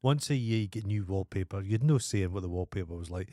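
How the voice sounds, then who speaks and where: A man's voice: low-pitched, lively intonation, fast, warm tone, dry recording. Sardonic Scottish man, dry sound. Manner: sardonic, crude joker. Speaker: podcast co-host. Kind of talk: casual chat.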